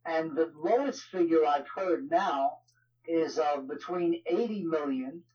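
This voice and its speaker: A man with a New York accent speaks as an interview guest, his voice sitting a little high. He talks loosely and conversationally, leaning on filler phrases. The audio sounds dull and lo-fi. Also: a little slow, darkish tone. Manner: conversational, frequent "you know" fillers. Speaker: guest, ministry leader. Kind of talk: casual interview talk.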